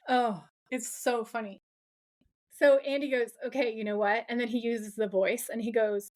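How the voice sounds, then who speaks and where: Her voice on the high side and her pace moderate, this podcast co-host animatedly recaps a TV episode. She chats casually and performs the characters' lines while going through the scenes.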